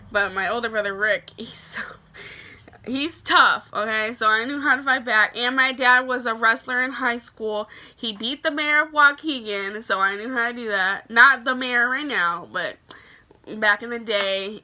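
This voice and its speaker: A young woman from Illinois telling a story to her camera in a chatty, animated way, full of "like" fillers. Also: fairly high pitch.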